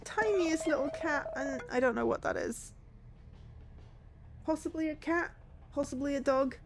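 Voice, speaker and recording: A woman's voice: high voice, a little slow, background noise. A woman streamer giving casual, playful gameplay commentary, gushing over the animals.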